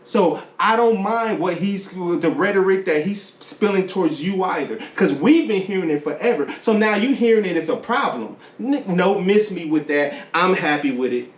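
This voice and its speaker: A man with a high voice, animated and slangy, jumping into the debate again and again. He sits back from the microphone, so he sounds distant and roomy. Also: moderate pace, hardly any pauses. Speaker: podcast co-host. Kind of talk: heated casual discussion. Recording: echoey room, distant from the mic.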